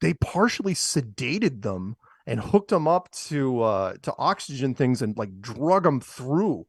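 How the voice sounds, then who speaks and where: A man's voice: mid-range voice, very animated, measured pace, breathy edge, no echo, clean studio sound. A man hosting a casual talk show, reading out news items and mocking them with sarcastic asides and chuckles. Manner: sarcastic, mocking, laughs at his own jokes. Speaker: podcast host. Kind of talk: casual chat show commentary.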